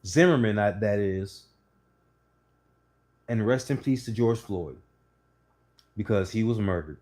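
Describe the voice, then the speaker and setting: A man telling stories and opinions to his channel in a blunt, profane, animated way while sitting on a couch indoors. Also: lowish voice, measured pace. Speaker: channel host. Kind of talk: casual opinion monologue.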